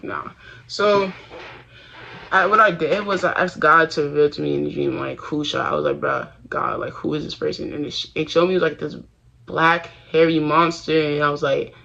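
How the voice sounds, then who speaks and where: A man's voice: sits high, pushed and bright. A young man talking casually and confessionally to the camera, rambling with slangy phrasing, restarts and fillers. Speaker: vlogger. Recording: dull lo-fi sound.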